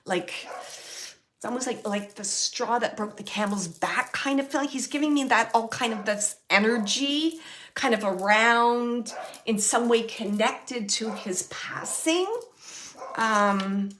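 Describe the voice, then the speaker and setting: A woman hosting a live mediumship reading, who speaks tentatively with many fillers and restarts and often sinks to a soft murmur. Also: a little high, unhurried, a little hiss or hum. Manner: often drops to a soft, near-whispered murmur. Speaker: psychic medium host.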